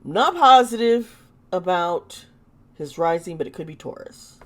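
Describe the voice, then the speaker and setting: A woman with a sore throat doing a casual tarot reading, halting and exclaiming as she turns the cards. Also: lowish voice, animated, slight background noise. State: sore throat, lozenge in mouth. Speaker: tarot reader and channel host.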